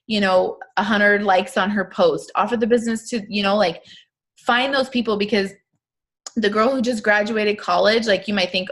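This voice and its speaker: A woman's voice: medium pitch, a bit bright. A woman coaching her sales team on a live stream, casual and chatty, full of fillers and asides, upbeat and emphatic.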